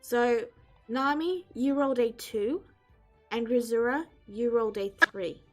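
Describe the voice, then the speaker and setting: A woman game master narrating a tabletop game, descriptive and pausing to search for words. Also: a little high, darkish tone, faint music behind.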